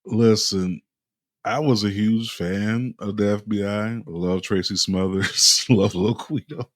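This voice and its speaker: A man's voice: lowish voice, steady tone, takes it slowly, no echo, studio quality. A man co-hosting a podcast, laid-back slangy banter with frequent laughs. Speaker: podcast co-host. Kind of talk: casual chat.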